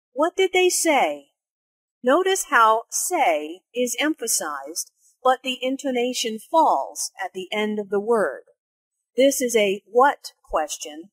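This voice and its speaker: A woman narrating language notes in an English lesson with slow, clear explanations. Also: mid-range voice, fairly bright tone, dry recording. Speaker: English teacher.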